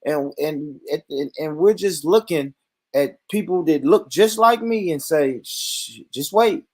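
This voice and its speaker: A man's voice: on the high side, unhurried, darkish tone. A man with an African American English accent hosting a casual discussion, talking bluntly and emphatically with heavy profanity. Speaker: host. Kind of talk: casual talk-show discussion.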